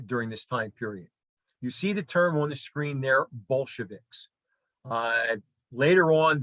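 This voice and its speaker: A man's voice: mid-range voice, fairly bright tone, no room sound, rough recording. A middle-aged man giving a casual history lesson over slides, folksy and conversational, with asides and fillers. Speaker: history teacher.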